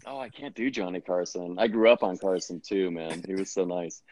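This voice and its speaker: A man's voice: deep voice, brisk, darkish tone, low-quality recording. Profane, jokey man podcast co-host. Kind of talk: casual chat.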